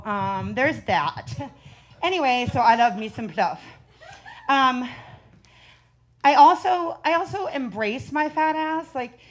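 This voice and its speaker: Brash woman doing stand-up. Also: fairly high pitch. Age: 40s. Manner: brash, profane, laughing through her lines. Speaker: stand-up comedian. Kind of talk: stand-up comedy set.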